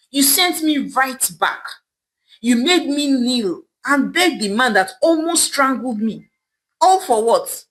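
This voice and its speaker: Woman voicing a furious young woman, scornful, lively pitch, folktale. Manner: angry, scornful. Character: bitter, wealthy young woman scorning her parents.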